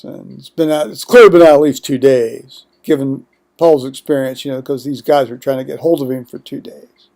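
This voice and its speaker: A man's voice: mid-range voice, fairly even intonation, normal speed, creaky, a little mellow. An older man vlogging at home in a rambling monologue, digressing often with blunt, profane asides.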